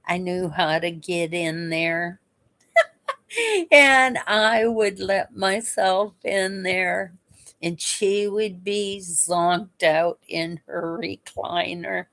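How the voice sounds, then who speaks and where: A woman with a somewhat low voice tells stories from her past. She speaks very slowly, with long pauses, and laughs softly between her memories. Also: fairly even intonation. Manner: unhurried and reminiscing, chuckles between memories. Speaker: vlogger. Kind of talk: casual storytelling.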